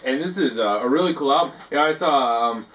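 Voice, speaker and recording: A man hosting a comic talk segment, rambling and halting, filling his talk with "like" and tacking on "eh". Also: medium pitch, expressive, fairly bright tone, distant mic. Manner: halting, full of "like" and tacked-on "eh". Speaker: host of a parody talk segment.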